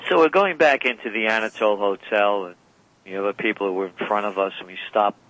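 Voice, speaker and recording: A man's voice: on the low side, fast talker, a bit bright, no room sound, rough recording. A man as a radio guest, telling long rambling anecdotes and often correcting himself. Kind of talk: storytelling interview talk. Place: radio call-in or studio.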